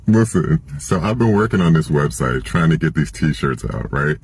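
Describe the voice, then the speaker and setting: A man in his forties telling a casual storytime monologue, animated and incredulous, swearing and laughing often. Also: extremely low pitch, normal speed, few pauses, a little hiss or hum. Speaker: storyteller vlogger.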